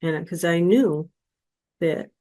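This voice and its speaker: A woman guest on a podcast, telling a personal story in a slow, earnest, heartfelt way. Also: fairly low pitch, warm tone.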